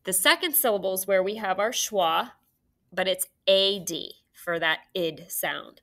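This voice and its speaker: A woman teaching phonics to young children, speaking at an unhurried, deliberate pace. Her voice is bright and sharp, and she talks with clear, encouraging instruction. Her pitch sits right in the middle.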